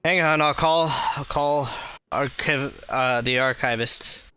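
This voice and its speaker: A man's voice: medium pitch, takes it slowly, bright, forceful tone, smooth, muffled recording. A man voicing a laid-back male wood elf slacker who calls out carelessly. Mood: offhand. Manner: lazy, careless calling out.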